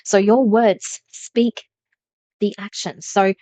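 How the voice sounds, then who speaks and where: A woman's voice: medium pitch, steady tone, slow, mellow, dry recording. Earnest woman giving a tarot reading. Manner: earnest, emphatic, repeats phrases. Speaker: tarot reader. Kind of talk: spiritual reading to camera.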